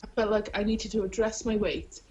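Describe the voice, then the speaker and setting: A woman talking reflectively in a casual interview, relaxed and a little halting. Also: medium pitch. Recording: dull lo-fi recording.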